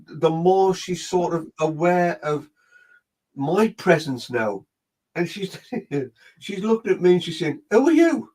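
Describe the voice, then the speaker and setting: A man's voice: a little high, a little mellow, rough recording. A man giving a psychic reading, rambling as he relays what a spirit tells him. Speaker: medium.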